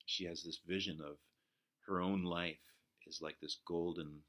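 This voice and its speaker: Low, bright-toned reflective male lecturer. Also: steady tone. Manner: reflective, halting with frequent fillers. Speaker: literature teacher. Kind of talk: poetry lecture.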